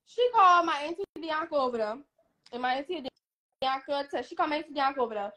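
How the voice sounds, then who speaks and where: Appearing as a guest on a live stream, a young woman with a high voice talks fast, telling a personal story in an animated, emphatic way and acting out what others said.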